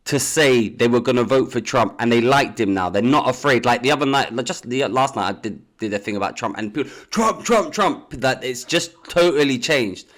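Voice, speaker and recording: A man co-hosting a podcast, talking in an animated, rambling way with many restarts. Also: mid-range voice. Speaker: podcast co-host. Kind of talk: casual chat.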